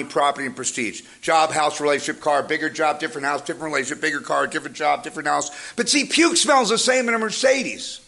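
A man's voice: fairly high pitch, creaky. A man giving a humorous motivational recovery talk, telling stories with energy and jokes. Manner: energetic joking storyteller. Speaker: recovery speaker.

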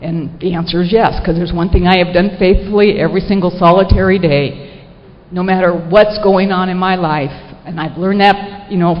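Speaking to a recovery meeting audience, a middle-aged woman recounts her own story in a lively, self-deprecating way, dropping in lots of fillers. Her voice leans low, heard through an echoey hall in a muffled lo-fi recording with faint noise.

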